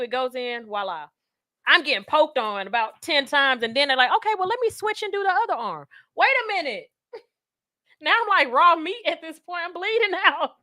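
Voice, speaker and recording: A woman's voice: fairly high pitch, dry recording, studio quality. A woman co-hosting a radio talk show, telling stories with lots of giggling. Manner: giggly, animated storytelling. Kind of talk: casual chat.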